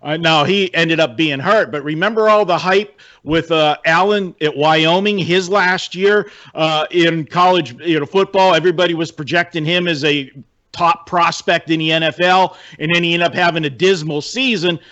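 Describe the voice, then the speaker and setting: A male sports handicapper breaks down games in a chatty, wry way, with fillers throughout. His voice sits a bit high, and the audio is dull and lo-fi. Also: normal speed, sharp tone. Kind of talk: casual sports betting analysis.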